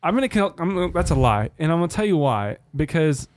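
A man in his thirties, co-hosting a podcast, telling a long story in casual chat and acting out the quotes with lively shifts of voice. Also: a little high, fast talker. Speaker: podcast co-host.

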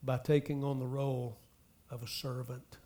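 A man preaching a sermon, speaking straight to the congregation with emphatic swells and soft drops. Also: mid-range voice, little pitch movement, normal speed, a little hiss or hum. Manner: addresses the congregation directly. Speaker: pastor.

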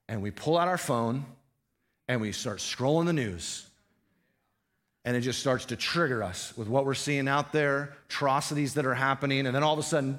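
A man's voice: medium pitch, brisk, a bit bright. A male pastor preaching a sermon in a conversational way, often asking the congregation questions.

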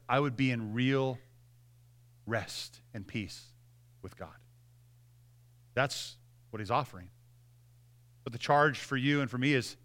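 Bright-voiced pastor preaching earnestly. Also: male voice, medium pitch. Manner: earnest, conversational preaching with frequent restarts. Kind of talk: sermon.

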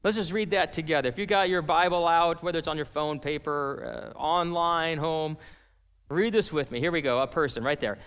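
A man preaching a sermon as pastor, animated and acting out the voices of people in his story. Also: a little high, moderate pace, clear, resonant tone, long reverb tail.

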